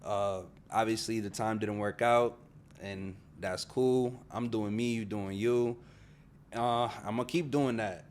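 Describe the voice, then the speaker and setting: A man's voice: on the low side, steady tone, slow pace, a little hiss or hum. Teasing, joking man, co-hosting. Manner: joking, teasing, playful boasts. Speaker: podcast co-host. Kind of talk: casual chat.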